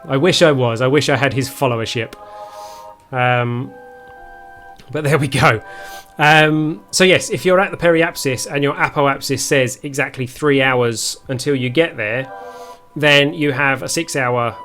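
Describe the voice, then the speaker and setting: A man's voice: mid-range voice, measured pace, a bit bright, soft background music. A young man streaming a space game live, talking viewers through his moves with many ums and restarts. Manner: hesitant, full of ums, chats with viewers. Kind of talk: live gameplay commentary.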